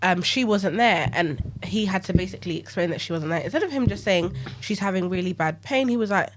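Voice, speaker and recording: A woman's voice: lowish voice, fairly quick, background noise. A young woman, co-hosting a podcast in casual chat, giving blunt, emphatic opinions. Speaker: podcast co-host.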